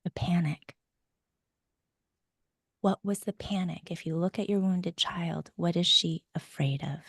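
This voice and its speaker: A woman coach talks at an unhurried pace, guiding with gentle probing questions. Her middle-pitched voice is recorded dry and close, with no room sound. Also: vocal fry, slightly rough, no echo. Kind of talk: guided coaching session.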